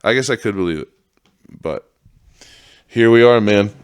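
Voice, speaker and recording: A man's voice: on the low side, expressive, moderate pace, clear, resonant tone, no room sound. A man hosting a podcast, ranting casually in a profane, sarcastic, rambling way and laughing often. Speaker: podcast host. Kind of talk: casual monologue rant.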